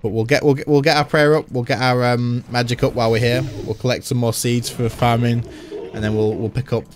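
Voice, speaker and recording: A man's voice: mid-range voice, little pitch movement, brisk, background noise. A man, chatting casually and laughing as he plays a game on stream. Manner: chatty, laughs often, thinks aloud. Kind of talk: casual gameplay commentary.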